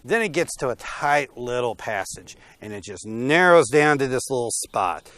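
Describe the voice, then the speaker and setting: A man telling a Bible story in a relaxed, conversational way. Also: medium pitch, normal speed, no echo.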